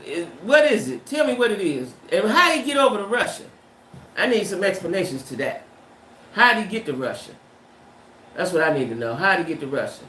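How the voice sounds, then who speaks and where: A woman's voice: lowish voice, big pitch swings, a little fast, fairly bright tone, echoey room, slight background noise. A woman hosting a livestream in casual, emphatic chat, firing off rhetorical questions and slang. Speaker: livestream host. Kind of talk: casual chat reading viewer comments.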